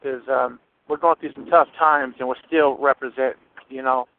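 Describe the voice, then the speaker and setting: A man calling a sports show, glum and swearing, with halting filler words. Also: mid-range voice, steady tone. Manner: glum, mumbling, profane. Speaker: caller. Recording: tinny phone line.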